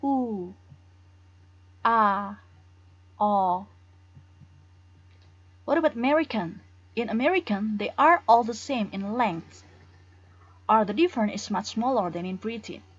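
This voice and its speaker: Woman, English teacher, breathy voice, muffled lo-fi audio. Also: on the high side, moderate pace, no room sound. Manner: reads English examples then explains in Indonesian. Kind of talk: bilingual classroom lesson.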